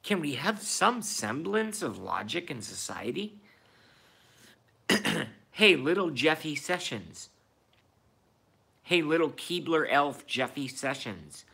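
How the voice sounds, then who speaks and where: A man's voice: a little high, sing-song, slow, vocal fry, long pauses, bright, forceful tone, breathy edge. A man in his thirties ranting in a profane, repetitive and indignant monologue. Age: 30s. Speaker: vlogger.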